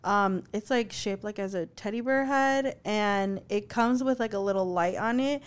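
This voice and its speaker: A woman's voice: medium pitch, moderate pace, clear, resonant tone. A young woman co-hosting a podcast, telling a story in casual chat, full of "like" fillers and swearing freely. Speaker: podcast co-host.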